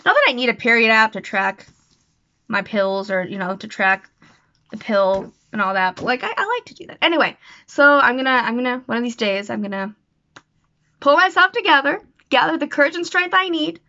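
A woman's voice: fairly high pitch, animated, a little fast, bright, forceful tone, no echo. A young woman talking casually in a personal vlog, rambling and self-deprecating with lots of fillers. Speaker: vlogger. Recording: dull lo-fi sound, dry.

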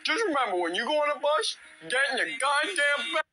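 A performer playing a shrill, bratty young boy who yelps and whines in a crude, childish voice. The pitch is high and swings wildly, with loud music playing behind. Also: very animated, a little fast. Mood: boasting. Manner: shrill, whiny and shouting.

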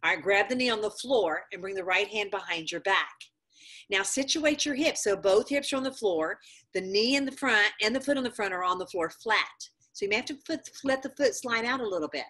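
A middle-aged woman leads a yoga class in a studio, calling out each pose with firm, steady coaching. She gives short commands and corrects students by name as they hold each stretch. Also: mid-range voice, brisk. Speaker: yoga teacher. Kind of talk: live yoga class instruction.

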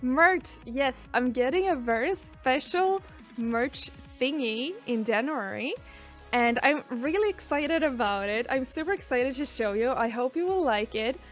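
Faint music sits under a woman streamer's casual live-stream chat as she reads viewer messages aloud and replies. Her high voice is expressive, and she talks a little slowly.

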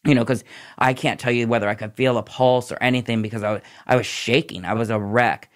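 A former nurse talks fast on a podcast, recounting his recovery with candid, tumbling run-on storytelling. His voice is mid-range with fairly even intonation.

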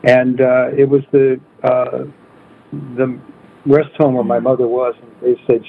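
A man with a husky voice, a coauthor guest, tells a personal story at a steady pace with many "uh" fillers. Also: mid-range voice, measured pace, a little hiss or hum. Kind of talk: storytelling in an interview. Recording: tinny phone line.

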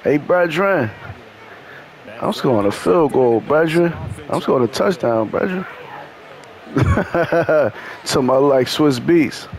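A gravelly man with a lively, swooping voice, talking trash at his opponent during a video game. He drawls slowly, is loud and profane, and breaks into laughter often. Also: fairly high pitch. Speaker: gamer. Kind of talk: casual trash talk while playing a video game.

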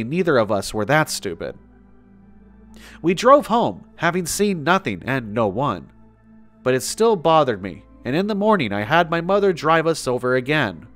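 A man with a mid-range voice reads a first-person horror story aloud in a measured, steady delivery, the way a regular campfire-tale narrator does. A faint bed of music plays softly underneath. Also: medium pitch. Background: faint background music.

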